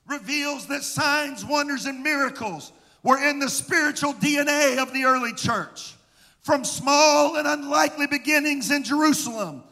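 A male pastor preaching a fast, fervent Pentecostal sermon, often shouting scripture. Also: very high-pitched, a little hiss or hum. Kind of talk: Pentecostal camp-meeting sermon. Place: church hall. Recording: large hall with long reverb, faint crowd.

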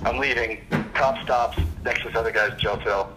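A young man, a guest chiropractor, telling stories in a casual podcast chat with an animated, laughing manner. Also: medium pitch, moderate pace, over music, low-quality recording.

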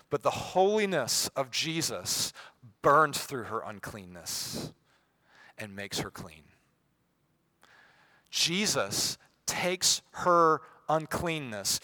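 A man preaching a sermon, swinging from hushed, soft passages to loud, emphatic ones and acting out quoted voices. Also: medium pitch. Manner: acts out quoted voices with sarcasm.

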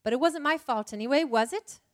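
A woman's voice: sits high, a little fast, close to an everyday voice. A woman voicing an anxious, earnest little girl while reading a storybook aloud, in a pleading way.

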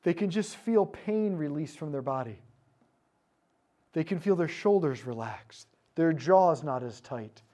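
Soft-spoken man telling a prayer story. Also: fairly high pitch, animated, a little slow. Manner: soft storytelling, drops to near-hushed tones for quoted prayers. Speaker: speaker leading a prayer ministry session. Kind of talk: teaching talk with a story.

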